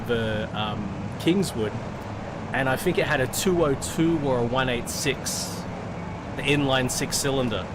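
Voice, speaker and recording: A middle-aged man with an Australian accent chats casually, tripping over his words and swearing as he tells a story. His voice sits in an ordinary middle pitch. Steady background noise runs under the recording. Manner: profane, rambling, with frequent restarts. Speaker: sim racing streamer.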